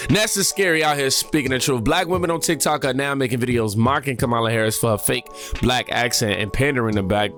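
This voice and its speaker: A man's voice: lowish voice, fairly bright tone. A man hosting a reaction channel, chatting casually with slang, fillers and asides as he comments on clips.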